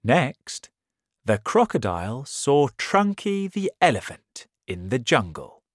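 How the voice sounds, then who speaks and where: A woman slowly reading a children's story aloud as an English lesson, clear and deliberate. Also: a bass voice, big pitch swings, dry recording, studio quality. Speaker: reader.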